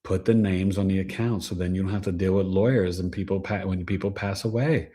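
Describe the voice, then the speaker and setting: A man hosting a casual astrology livestream, giving animated, preachy advice with plenty of slang. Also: deep voice, fairly quick. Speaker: astrologer and show host.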